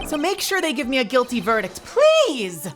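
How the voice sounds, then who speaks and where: A woman's voice: high voice, slow, voice pushed up. A woman voicing a frantic young man who stammers and shrieks to be found guilty, over background music. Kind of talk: dramatic game reading.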